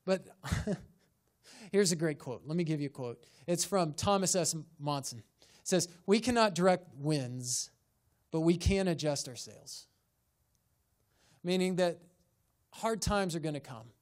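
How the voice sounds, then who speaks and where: Man, pastor, higher-pitched, sermon, rhetorical questions, rising emphasis, church. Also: animated, a little slow, pauses often. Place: church sanctuary.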